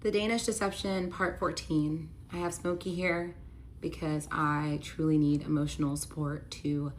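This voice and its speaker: A woman's voice: low-pitched, slight background noise. A young adult woman telling a personal story in a casual vlog, chatty and full of "like", acting out the lines of the people in her story. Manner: chatty, constant "like", acts out quoted dialogue. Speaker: storytime vlogger.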